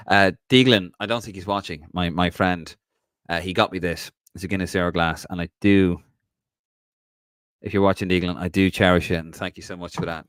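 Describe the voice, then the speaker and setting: A man's voice: deep voice, a bit bright, dry recording, studio quality. A man with a mild Dublin accent, hosting a solo live stream and chatting casually with viewers, rambling and reading out their comments. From Ireland. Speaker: podcast host doing a solo live stream.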